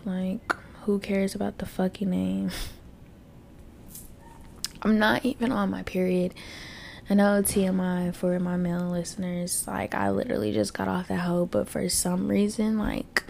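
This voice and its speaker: A woman talks slowly into a podcast mic, her voice gravelly and creaky. She is teary and worn out from crying. She vents frankly and bluntly, swearing often and trailing off into fillers. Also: mid-range voice, little pitch movement, darkish tone, a little hiss or hum. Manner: frank, profane and frustrated, with many fillers. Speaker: podcast host. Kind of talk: casual solo podcast venting. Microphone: podcast microphone.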